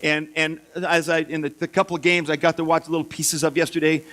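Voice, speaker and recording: Pastor guy, pretty high voice, animated preaching, doing little voices in the stories. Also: a little fast. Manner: lively storytelling, acts out voices for biblical figures. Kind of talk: sermon.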